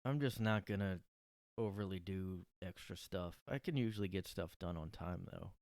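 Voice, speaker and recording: A man's voice: sits low, normal speed, a little mellow, no room sound. A man hosting a solo podcast from his room, rambling and sarcastic with lots of fillers. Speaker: podcast host. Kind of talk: casual solo monologue.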